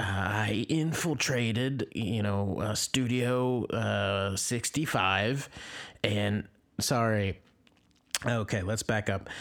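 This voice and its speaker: A man improvising a comedy bit on a podcast, telling a rambling story with a halting, deadpan delivery. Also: mid-range voice, vocal fry.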